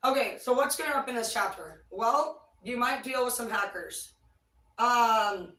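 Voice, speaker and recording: A woman's voice: fairly high pitch, fairly bright tone. Woman doing a tarot reading, swears a lot, rambles, kinda far from the mic, roomy echo. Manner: blunt, profane, rambling. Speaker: tarot reader. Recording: echoey room, voice away from mic.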